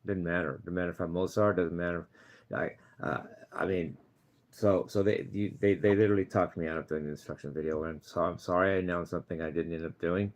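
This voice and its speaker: A man's voice: low-pitched, steady tone, fairly quick. A man talking straight to his viewers in a casual vlog, rambling with many restarts and repeated words as he earnestly gives advice. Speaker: channel host.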